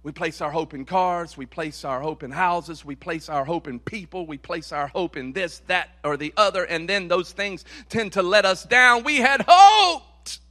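A pastor preaches a Sunday sermon in a high, ringing voice. He leans on repeated phrases, stretching them out. He swings from loud bursts to quiet, intimate asides. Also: moderate pace, hardly any pauses.

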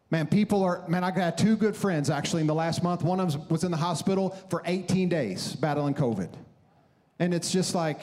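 A man's voice: high-pitched, brisk, a little mellow. A man in his thirties preaching a sermon on a church stage, telling stories animatedly and acting out his own frantic prayers. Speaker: pastor.

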